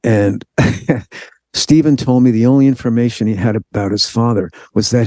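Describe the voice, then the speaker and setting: A man in an interview spins out a personal story with lively energy, slipping into the voices of the people he quotes. His voice is dark and mellow, and the sound is close and dry with no room around it. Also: mid-range voice, normal speed, dry recording. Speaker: guest.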